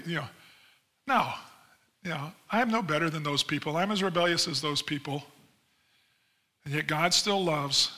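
A man preaching a sermon as pastor, in a conversational style with frequent asides, acting out quoted voices animatedly. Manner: animated storytelling, acts out quoted voices with big pitch jumps; conversational, many "you know" asides.

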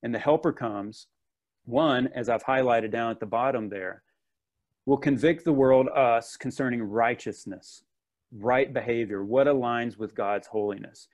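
A man's voice: medium pitch, measured pace, darkish tone, muffled recording. Earnest conversational male preacher. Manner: earnest, conversational with fillers and restarts. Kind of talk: sermon.

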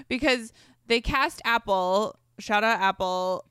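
A young woman co-hosting a casual podcast chat, enthusiastic and quick to agree. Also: fairly high pitch, lively intonation, fairly bright tone, clean tone, dry recording, studio quality. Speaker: podcast co-host.

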